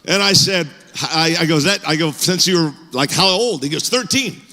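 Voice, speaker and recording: A male pastor tells a story from the pulpit with animated, self-mocking humor. His voice sits high and sounds very bright. It rings out into a church hall with a long reverb. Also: moderate pace. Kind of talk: storytelling sermon. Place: church auditorium.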